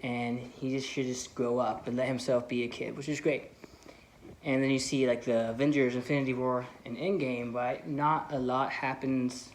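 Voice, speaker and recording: A man's voice: medium pitch, flat delivery, moderate pace, a little hiss or hum. A man vlogging casual movie commentary, rambling enthusiastically with lots of "like" and "you know". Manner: enthusiastic fan. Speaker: film vlogger.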